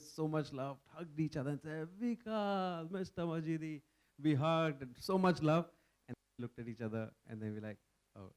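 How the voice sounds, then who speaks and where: Smooth-voiced man telling a story. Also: mid-range voice. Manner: warm storyteller with many uhs and ums. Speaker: film director. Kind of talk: anecdote told on stage.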